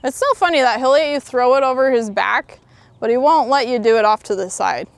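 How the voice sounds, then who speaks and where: A woman's voice: a little high, fairly quick, dry recording. A woman horse trainer outdoors at a ranch, explaining a training demo and giving soothing, encouraging praise to a horse.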